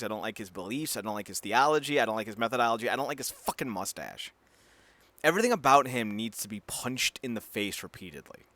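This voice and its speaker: A man's voice: mid-range voice, bright, forceful tone, no echo. Ranting, profane male podcast host. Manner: slips into quick comic impressions. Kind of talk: casual podcast chat.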